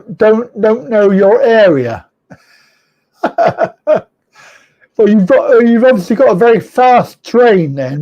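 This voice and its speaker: A man with a high voice and dark tone hosts a live online chat show, heard through lo-fi sound. He rambles, chuckles, corrects himself, and teases viewers while reading their comments aloud.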